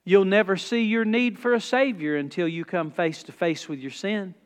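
A man's voice: high-pitched, moderate pace, clear, resonant tone. A man preaching a sermon in a church, folksy and emphatic. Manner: folksy, emphatic, rising to loud exhortation. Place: church sanctuary. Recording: long church reverb.

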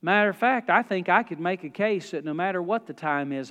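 A man preaching a sermon, folksy in his storytelling, dropping to a hush and then rising loud. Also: sits high, expressive, brisk, in a large hall. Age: 40s. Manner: folksy, swings from hushed to loud. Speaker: pastor.

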